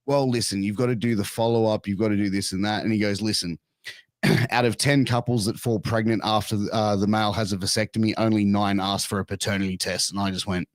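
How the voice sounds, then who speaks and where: Aussie man, thirties, crude animated storyteller, swears a lot, dry close sound. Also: lowish voice, a little fast, dry recording. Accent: Australian. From Australia. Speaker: podcast guest. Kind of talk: casual storytelling chat.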